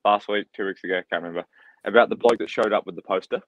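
A man's voice: fairly low pitch, racing, fairly bright tone, muffled recording, a little hiss or hum. A man with a New Zealand accent, groggy after a nap, telling stories in a laid-back way on a casual podcast. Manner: laid-back storytelling, laughs often. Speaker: pro cyclist and co-host.

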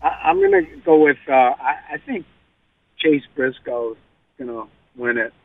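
A man calling in to a radio show as a racing reporter, chatting in a lively way and laughing easily. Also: medium pitch, a little slow, no room sound. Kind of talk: phone-in radio chat. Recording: tinny phone line.

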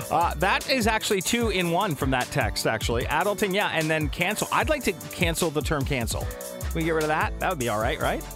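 A man co-hosting a morning radio show, chatting casually, laughing often and reading out listener texts. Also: on the high side.

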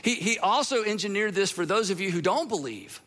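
A man preaching a sermon as pastor, earnest and emphatic, with dramatic pauses and sudden drops to a hush. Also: sits high, lively intonation.

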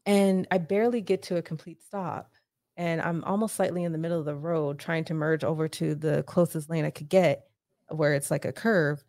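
A woman's voice: low-pitched, fairly even intonation, moderate pace, darkish tone, dry recording, clean studio sound. A woman as a podcast guest, retelling a painful family story in a blunt, profane way with rising urgency. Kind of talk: emotional personal storytelling.

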